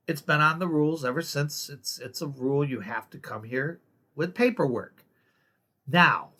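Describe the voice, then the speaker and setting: A man's voice: medium pitch, fairly bright tone. Host, male, American. Blunt, opinionated monologue, casual and sarcastic, mid-range voice. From United States. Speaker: political commentary host.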